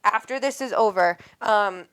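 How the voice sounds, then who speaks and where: A woman's voice: mid-range voice, a little slow, a bit bright, smooth. A woman hosting a live call-in psychic reading, talking in an affectionate, rambling way and calling the caller sweet names. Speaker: psychic medium host.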